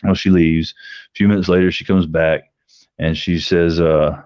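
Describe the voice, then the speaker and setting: A man's voice: steady tone, moderate pace, darkish tone, no room sound. A middle-aged man telling a long, profane story casually, acting out the quoted lines. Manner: rambling, profane, acts out quotes with raised pitch. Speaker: livestream host telling a story. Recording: dry, slightly dull lo-fi sound.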